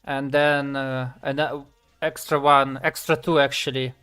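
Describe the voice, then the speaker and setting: A man's voice: medium pitch, level tone, sharp tone, clean tone. Man, streaming while coding. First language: Slovak. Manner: halting, many fillers and restarts, thinking aloud. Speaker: game developer streaming. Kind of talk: casual live-stream chat while coding.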